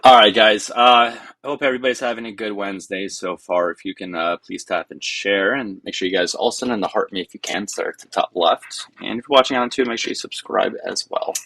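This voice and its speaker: A man hosting a live debate stream, blunt and quick to cut callers off. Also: fairly low pitch, steady tone, bright, forceful tone, slight background noise. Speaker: livestream host.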